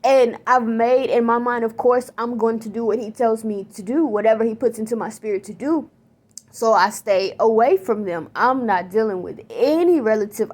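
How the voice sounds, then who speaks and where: A shaken woman with a fairly high voice talks straight to her viewers. Her telling is animated and slangy, full of fillers. It is a casual spiritual testimony about a dream. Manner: animated, excited, slangy storytelling with many fillers. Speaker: vlogger recounting a dream.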